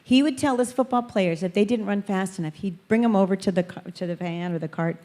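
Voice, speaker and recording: A woman speaking at a church, telling lively personal stories and acting out the people she quotes. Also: mid-range voice, a little fast. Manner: animated storyteller, acts out quoted voices. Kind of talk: storytelling testimony talk.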